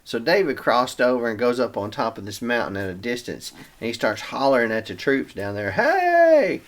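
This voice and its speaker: A man's voice: mid-range voice, brisk, fairly bright tone. A man hosting a Bible reading show, retelling scripture in a casual, chatty way with everyday slang.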